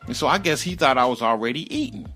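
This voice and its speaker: A man hosting his own podcast, telling a story in loose, slangy casual talk and jumping high when he acts out heated moments. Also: fast talker, soft background music. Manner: loose, slangy, animated retelling with sudden high-pitched outbursts. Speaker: podcast host.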